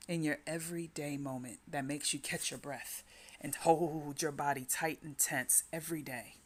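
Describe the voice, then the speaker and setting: A woman speaking as a Christian inspirational speaker, giving a slow, repetitive devotional talk that urges the listener to breathe and pray. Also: low voice.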